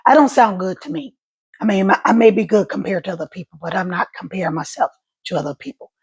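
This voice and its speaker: A middle-aged woman talking casually to camera about life after a stroke, in halting speech that repeats words, her voice catching and crackling. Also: medium pitch, slightly rough. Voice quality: voice catches and crackles when emotional. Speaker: stroke survivor vlogger.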